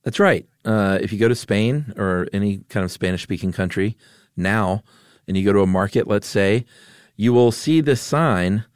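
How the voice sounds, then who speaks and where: A podcast co-host with a fairly low, clean voice chats casually at a moderate pace, easygoing and rambling through loose stories while laughing often. He is recorded close and dry on a studio microphone.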